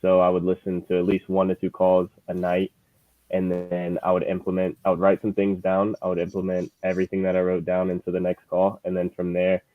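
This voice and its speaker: Young man, very low flat voice, tinny line. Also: no echo. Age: 20s. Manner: relaxed, halting with fillers. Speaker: lead manager guest. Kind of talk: casual chat. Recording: tinny phone-like call audio.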